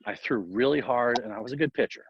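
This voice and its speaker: A man who is a baseball coach, talking casually in an interview and giving tips in a rambling, animated way full of fillers. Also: medium pitch, fast talker, vocal fry, a little hiss or hum. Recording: dull, lo-fi, dry sound.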